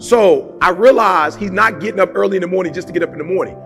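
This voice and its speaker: A man's voice: high voice, fast talker, a bit bright, faint music behind. A man giving a motivational talk in a punchy, conversational way, full of rhetorical questions and casual slang. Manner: casual slang, repeats phrases for emphasis. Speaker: motivational speaker.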